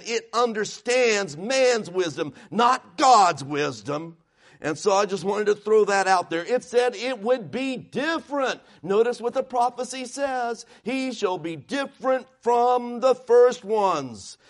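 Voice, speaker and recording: A man preaches a sermon in a notably high voice. He is emphatic and keeps asking his listeners questions. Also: lively intonation, slow pace, a bit bright. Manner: emphatic, asks the congregation questions.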